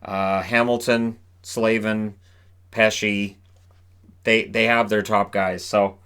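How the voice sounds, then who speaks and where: A man's voice: on the low side, little pitch movement, slow, a bit bright, clear, resonant tone. A man previewing hockey games on his own channel, reeling off scores and stats in a chatty, offhand way with frequent asides. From Canada. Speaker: hockey commentator. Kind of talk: solo game preview talk.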